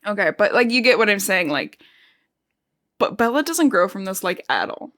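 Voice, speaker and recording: A woman's voice: mid-range voice, very animated, normal speed, a bit bright. A woman co-hosting a podcast, recapping a novel in a casual, rambling way with lots of "like". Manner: chatty, heavy use of "like", recaps plot. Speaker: podcast co-host. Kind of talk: casual book-discussion chat.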